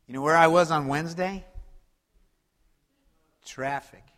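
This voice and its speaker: High-voiced preacher in a reverberant hall. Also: male voice, steady tone, unhurried. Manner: preaching with wide swings from loud to hushed. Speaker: pastor. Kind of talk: sermon.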